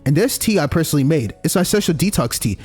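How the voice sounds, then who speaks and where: A man's voice: fairly high pitch, expressive, fast, darkish tone, breathy edge, faint music behind. A man reading a visual novel aloud, voicing a boastful, ruthless young female influencer in a sassy, condescending tone. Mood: smug.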